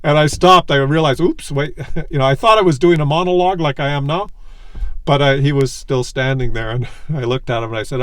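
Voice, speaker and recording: A man vlogging from his parked car, telling an animated, digressive story and chuckling as he goes. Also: fairly high pitch, brisk, dry recording. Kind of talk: rambling storytelling monologue.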